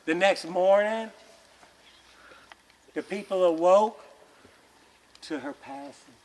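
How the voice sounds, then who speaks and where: Animated folksy male storyteller, high voice. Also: slow pace. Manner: animated, folksy, with colloquial asides. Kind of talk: oral folk storytelling.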